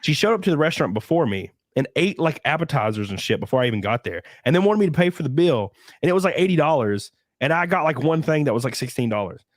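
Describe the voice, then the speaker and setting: A man hosting a casual streamed podcast, rambling through crude stories with a lively, swooping delivery. His voice sits a touch high for a man and sounds dry and close, with little room around it. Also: quick pace, hardly any pauses, no echo. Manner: crude, rambling, animated storytelling. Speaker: podcast host.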